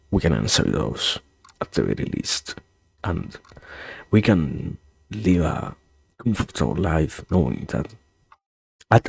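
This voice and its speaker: A man with a low, gravelly voice that swings widely in pitch as he thinks aloud on a live stream. He muses in a wry, halting way, restarting and correcting himself often. The sound is dry and close. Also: dry recording. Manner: musing, wry. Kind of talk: rambling philosophical monologue. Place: home streaming setup.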